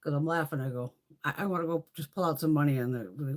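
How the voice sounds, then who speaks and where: A woman's voice: low voice, fast, few pauses. Blunt, foul-mouthed woman in her fifties. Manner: profane, blunt storytelling with frequent laughs; reads out and answers viewer comments. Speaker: makeup livestream host. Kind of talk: casual livestream chat.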